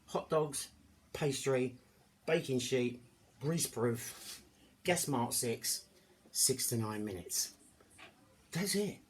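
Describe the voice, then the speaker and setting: Jokey, rambling home-cooking vlogger, middle-aged, faint room noise. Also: male voice, mid-range voice, takes it slowly, pauses often. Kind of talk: casual chat to camera. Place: home kitchen, indoors. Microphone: camera mic.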